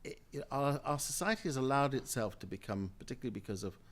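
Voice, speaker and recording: A man's voice: medium pitch, fast. An older man from Jamaica and the UK, a guest in a podcast interview, speaking emphatically and telling stories with frequent laughter. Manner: emphatic, lively storyteller, laughs often. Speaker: guest, member of the House of Lords.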